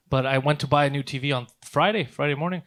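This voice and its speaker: A man co-hosting a comedy podcast, telling a story in a casual, animated way with plenty of swearing. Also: on the high side, fast talker. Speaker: podcast co-host.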